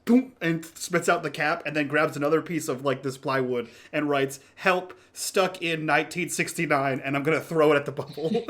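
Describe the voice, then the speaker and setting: A man playing a tabletop game, describing his character's actions in an animated way. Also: on the high side, a little fast, hardly any pauses. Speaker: player.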